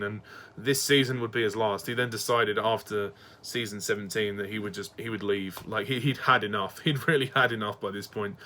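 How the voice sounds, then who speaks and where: A man's voice: lowish voice, bright, forceful tone, slight background noise. A man giving a casual, blunt, opinionated review, laughing often and restarting his sentences. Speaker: video reviewer.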